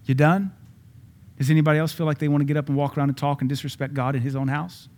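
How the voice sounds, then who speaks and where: A man preaching a sermon, dropping to quiet asides and then building to loud peaks, reading scripture slowly with emphasis. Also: fairly high pitch, flat delivery. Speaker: pastor.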